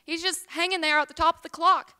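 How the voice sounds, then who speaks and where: A woman's voice: very high voice, fairly even intonation, fairly quick, bright, forceful tone. A woman from Tennessee, telling a rambling tall tale at a liar's contest, full of ums. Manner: chatty, rambling, with many ums.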